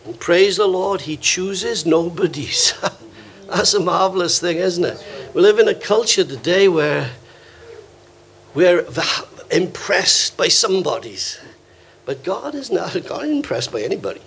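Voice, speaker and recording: A man's voice: sits high, animated, unhurried, vocal fry, slight background noise. An older man from Wales preaching a sermon in a church, telling stories with quoted voices. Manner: storytelling, warm anecdotes with acted quotes. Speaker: visiting preacher. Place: church hall.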